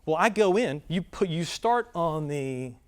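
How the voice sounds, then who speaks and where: A man teaches a live workshop on camera movement to a seated audience. He talks in a loose, rambling, animated way and pokes fun at himself as he goes. His voice sits slightly higher than most men's. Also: a little slow, smooth. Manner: rambling, self-deprecating, animated. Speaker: workshop presenter. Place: conference room before a live audience.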